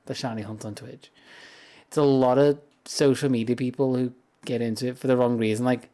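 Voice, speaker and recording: A man's voice: mid-range voice, a little mellow. A British man chatting casually on a livestream while gaming, rambling and laughing at himself often. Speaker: streamer. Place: home streaming setup.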